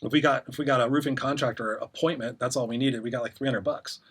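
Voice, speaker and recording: A man's voice: mid-range voice, steady tone, fast, fairly bright tone, slightly rough. A middle-aged man, a podcast guest, candidly telling his story in casual interview talk and acting out the voices he quotes.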